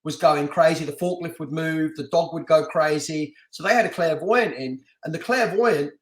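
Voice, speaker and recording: A middle-aged man originally from London tells a story as a podcast guest. He is animated, laughs often and restarts his sentences. His voice sits a little high and carries some room echo. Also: moderate pace. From London, England. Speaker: podcast guest, martial artist and stunt actor. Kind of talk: casual storytelling interview.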